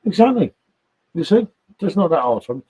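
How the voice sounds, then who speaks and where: A man's voice: sits high, very animated, fairly quick, warm tone, slightly rough. A man hosting a casual live stream from his home, chatty, and he keeps tagging questions onto what he says. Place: home sitting room.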